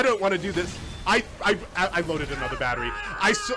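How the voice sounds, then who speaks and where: Male streamer, live gameplay commentary, panicky swearing and laughing, highish voice with big swings. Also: big pitch swings, fairly quick, hardly any pauses. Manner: swears often, bursts into panicked yelps and laughter. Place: at a computer, keyboard and mouse.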